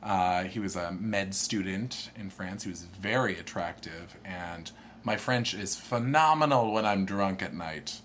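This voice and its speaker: A young man telling a long personal story in casual chat, animated and jumping into higher voices when he quotes people. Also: unhurried, a little hiss or hum.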